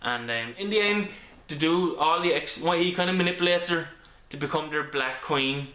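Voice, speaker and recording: A man talks through a comic book review in a casual, rambling way, stopping often to restart his sentences. His voice is bright and forward. It is picked up on a camera mic in an echoey room at home. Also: on the high side, moderate pace. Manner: rambling with many ums and restarts.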